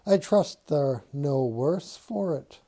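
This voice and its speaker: A man's voice: fairly high pitch, animated, slow pace, warm tone, exaggerated voice. A man reading a novel aloud, voicing a bold, chatty young Quaker suitor in a teasing tone. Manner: playful, teasing.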